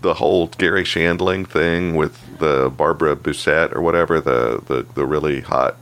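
A very deep-voiced man speaks at normal speed, with slight background noise behind him. He co-hosts a podcast, chatting casually and telling animated stories full of swearing.

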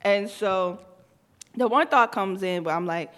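A woman in her thirties, co-hosting a podcast, telling a story in casual chat with lively acted-out quotes. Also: medium pitch, a little slow. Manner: animated, tells stories with acted-out quotes. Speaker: podcast co-host.

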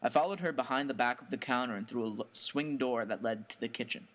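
A man narrating a first-person horror story in a measured, plain storytelling manner. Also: mid-range voice, a bit bright.

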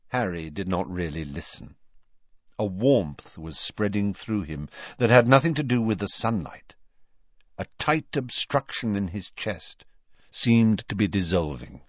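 A man reading an audiobook aloud in an expressive storytelling manner. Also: low voice, a little slow, dry recording, lo-fi sound. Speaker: audiobook narrator. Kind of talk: scripted narration.

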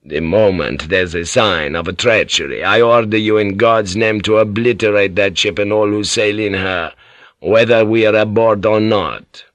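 A man's voice: lowish voice, normal speed, fairly bright tone, no room sound, close to an everyday voice. A man doing a stern church dignitary. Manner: stern, grave orders. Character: older male church dignitary, stern and authoritative. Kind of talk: audiobook character reading.

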